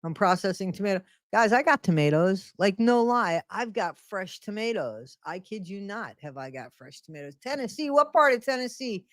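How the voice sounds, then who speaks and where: A woman's voice: medium pitch, lively intonation, moderate pace, few pauses, no room sound, clean studio sound. A middle-aged woman hosting a casual live stream from home, greeting viewers by name and repeating her phrases. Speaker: livestream host.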